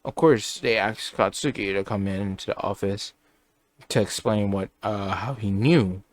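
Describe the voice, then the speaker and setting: A man's voice: on the low side, unhurried, no room sound. A young man casually improvising a fan story aloud, rambling and correcting himself as he goes. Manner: rambling, self-correcting, chatty.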